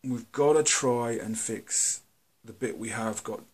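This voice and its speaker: A British man talking to camera in a candid, earnest monologue, blunt and halting, often restarting his sentences. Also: medium pitch. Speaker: video host.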